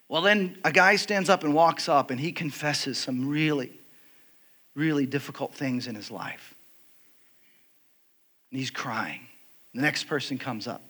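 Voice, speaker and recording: A middle-aged man preaching a sermon, telling a personal story with animated highs and soft, quiet heartfelt passages. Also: moderate pace, husky. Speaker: pastor.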